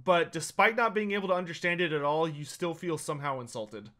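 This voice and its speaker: A man narrating as game master of a tabletop role-playing game, pausing often with fillers as he describes scenes. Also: on the high side, a bit bright. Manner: halting, many uh fillers while narrating.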